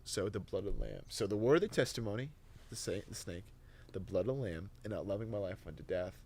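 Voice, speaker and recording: A young man, a podcast guest, telling a personal testimony in casual, animated, emotional conversation full of "like" and "dude". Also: on the low side, fast talker.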